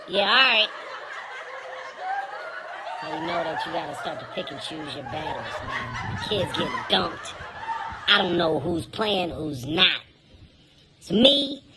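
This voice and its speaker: A man telling a comic story in a profane, animated way, laughing through his lines. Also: high-pitched, slight background noise. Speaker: comedian.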